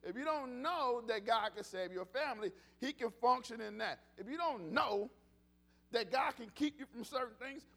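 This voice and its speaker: A pastor delivering a casual, animated sermon, often repeating himself and restarting phrases. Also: male voice, very high voice, normal speed. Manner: animated, conversational preaching with repetitions and restarts.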